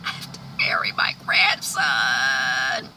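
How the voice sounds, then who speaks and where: A woman's voice: very deep voice, fairly even intonation, takes it slowly, in a whisper, voice pushed down. A woman voicing a grieving older woman who wails and cries. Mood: despairing. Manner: wailing and crying.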